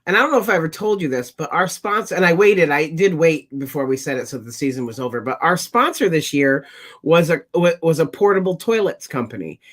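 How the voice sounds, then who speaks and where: A man's voice: fairly high pitch, expressive, brisk, a bit bright. A man on a parenting talk panel, joking and chatting casually about family life. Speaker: podcast panelist. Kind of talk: casual chat.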